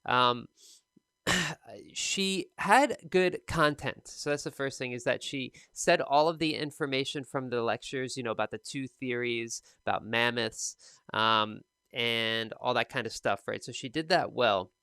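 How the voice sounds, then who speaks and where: A man teaches an exam lesson in a loose, conversational way, dotted with fillers. His voice is bright and smooth. It sounds close and dry, with no room in it. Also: medium pitch, measured pace, no echo. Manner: casual and conversational, many fillers. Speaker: TOEFL speaking teacher. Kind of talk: recorded lesson giving feedback.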